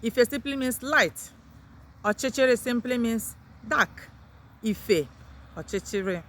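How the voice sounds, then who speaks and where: Slow woman teaching vocabulary. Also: expressive, fairly bright tone. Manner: lifts words sharply in pitch when introducing them. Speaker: language teacher. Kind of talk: slow vocabulary lesson, repeating each word.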